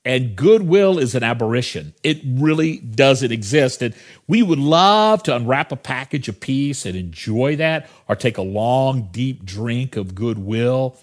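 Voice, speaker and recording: A middle-aged pastor preaches a sermon from the pulpit in an easygoing, conversational way, his pitch right in the middle for a man. He keeps stepping aside from his point to add remarks to the congregation.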